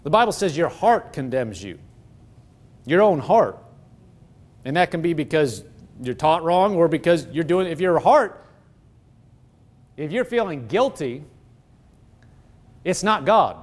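A man's voice: on the high side, sing-song, measured pace, long pauses. A man preaching a sermon as pastor, emphatic, throwing rhetorical questions at the congregation.

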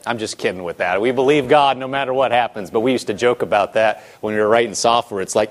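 A man's voice: mid-range voice, quick pace, hardly any pauses. A man preaching a conversational sermon, asking lots of rhetorical questions and acting out people's thoughts.

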